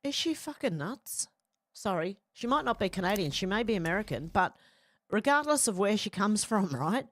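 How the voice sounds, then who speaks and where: A woman's voice: medium pitch, lively intonation, fairly quick, a bit bright. A woman hosting casual political opinion commentary, blunt and outspoken, reading posts aloud and reacting to them.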